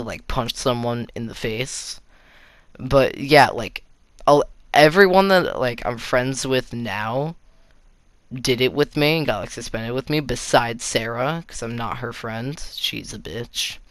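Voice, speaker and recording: A teenage boy rambles through a personal story, swearing freely and tripping over restarts. His voice is smooth and clean, recorded close and dry with no room sound around it. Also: medium pitch, fairly bright tone, dry recording. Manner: rambling, swears often, filler-heavy with restarts. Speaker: vlogger telling a story. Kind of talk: casual storytime. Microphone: console facecam or headset mic.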